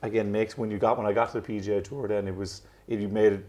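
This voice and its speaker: A man's voice: fairly low pitch, level tone, fast talker, a little mellow, dull audio. A man with an Irish accent tinged with American, chatting casually as an interview guest and rambling through his stories with plenty of restarts. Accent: Irish with some American drift. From Ireland. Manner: rambling, self-correcting, chuckles at himself. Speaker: professional golfer, guest.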